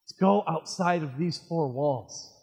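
A male pastor delivering an animated sermon, throwing call-and-response questions to his congregation. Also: fairly high pitch, unhurried, big-room sound. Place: church sanctuary with congregation.

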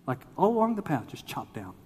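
Animated preacher man in a reverberant hall. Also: on the high side, a little fast, slightly rough. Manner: animated storytelling, acts out quoted voices. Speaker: pastor. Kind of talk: sermon.

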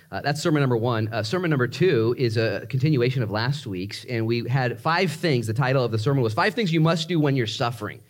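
A male pastor preaching a sermon, moving between quiet prayer and lively, animated teaching with high excited outbursts. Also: brisk, few pauses.

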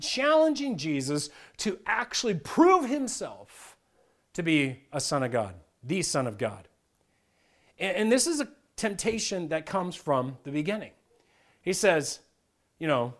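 High-voiced man preaching a sermon. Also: normal speed. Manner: conversational, animated preaching with acted-out voices. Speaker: pastor.

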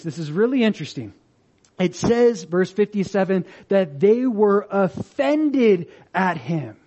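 A man's voice: high voice, darkish tone, dull audio. A man preaching a sermon as pastor, telling stories animatedly and acting out the voices of the people he quotes.

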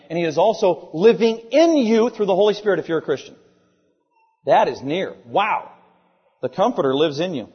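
Male pastor, emphatic sermon delivery, slightly husky; muffled recording with long reverb. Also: fairly high pitch. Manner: emphatic, rhetorical questions, repeats lines for stress. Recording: dull sound, long hall reverb.

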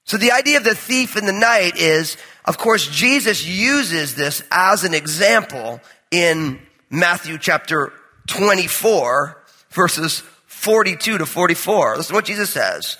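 A high, bright male pastor from New with a husky edge, preaching in a conversational, joking storyteller's manner. His voice rings out with a long reverb in a large church hall. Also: lively intonation, a little slow. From New Jersey. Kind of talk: sermon with personal storytelling.

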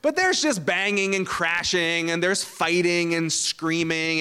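A man's voice: high-pitched, moderate pace, few pauses, sharp tone, smooth. A man in his thirties, from Canada, preaching a sermon as a pastor, telling a story in a conversational way with small fillers.

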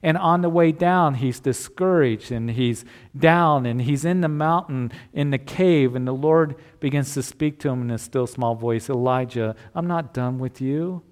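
A male pastor delivers a sermon in an earnest, conversational way. His voice sits at an ordinary middle pitch, and he sometimes restarts a phrase as he works through his point. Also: a little slow, hardly any pauses.

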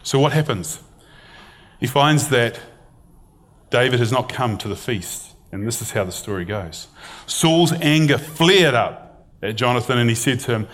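A man's voice: mid-range voice, very animated, normal speed, fairly bright tone. A middle-aged man preaching a sermon, retelling a scripture story in a conversational, storytelling way and reading passages aloud.

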